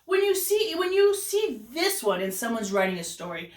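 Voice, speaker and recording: A kindergarten teacher with a fairly high, very lively voice that swoops up and down in an exaggerated sing-song way. She is heard from a distance in a roomy, echoing space. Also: normal speed. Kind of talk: lesson for young children.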